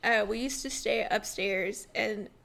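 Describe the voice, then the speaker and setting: A young woman co-hosting a podcast, chatting casually and excitably, laughing a lot. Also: medium pitch, unhurried, creaky. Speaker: podcast co-host. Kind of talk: casual chat.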